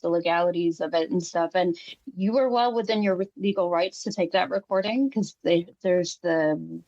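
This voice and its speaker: A woman's voice: lowish voice, normal speed, darkish tone, dry recording. A woman hosting a podcast who talks casually and outspokenly and swears freely. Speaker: podcast host. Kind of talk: casual conversation. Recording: dull, dry lo-fi mic.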